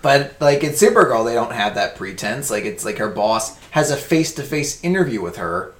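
A young man co-hosting a casual podcast chat, animated and swearing freely, slipping into mocking put-on voices. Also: medium pitch, moderate pace. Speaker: podcast co-host. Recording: echoey room.

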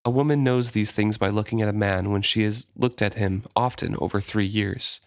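A man reading aloud as a weary, bitter young courtesan who speaks in a quiet, flat, pleading voice. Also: on the low side, normal speed, close to an everyday voice.

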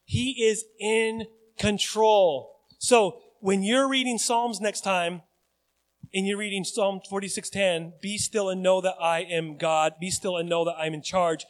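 A male pastor preaching a sermon in a church, acting out desperate cries and then dropping to quiet reflection. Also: sits high, a little slow. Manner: animated, acts out pleading cries then drops to quiet reflection.

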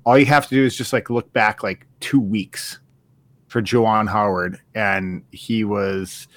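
A man with a low voice talks sports as a podcast co-host. He stammers and restarts often, in a loose, casual way. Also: steady tone, measured pace, fairly bright tone.

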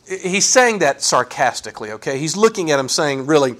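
Male pastor, sermon, folksy asides, wide pitch swings. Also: fast, hardly any pauses. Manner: animated, acts out sarcastic quotes, folksy asides.

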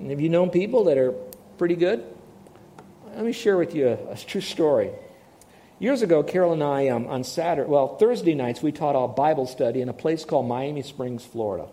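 Brief: male pastor, fairly high, relaxed warm tone, chatty story-driven sermon, questions to the room. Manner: conversational storytelling, asks the audience questions. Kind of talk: sermon with personal stories.

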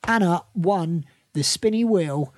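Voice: mid-range voice, expressive, takes it slowly. A podcast host running a quiz game among friends, playful and laughing often.

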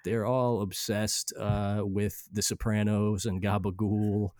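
A man's voice: on the low side, flat delivery, slow, a little mellow, no room sound, studio quality. A man co-hosting a podcast in casual chat, rambling with fillers and swearing as he plays back caller messages.

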